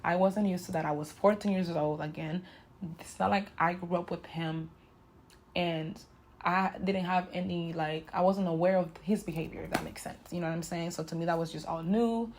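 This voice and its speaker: Telling her viewers a painful personal story, a woman in her twenties is candid and emotional, often turning to them directly with "y'all" and "you know." Her voice is on the low side and a little mellow, at normal speed with fairly even intonation; there is slight background noise.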